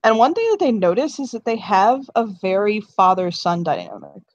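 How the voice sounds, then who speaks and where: A woman's voice: medium pitch, very animated, normal speed, dry recording, lo-fi sound. Giggly rambling woman narrating her character. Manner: rambling, giggly, swears, many restarts. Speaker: tabletop game player. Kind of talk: casual role-play narration.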